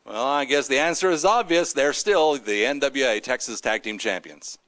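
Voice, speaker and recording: A man interviewing wrestlers after matches, upbeat and brisk. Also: mid-range voice, animated, fairly bright tone. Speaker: backstage interviewer. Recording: background noise.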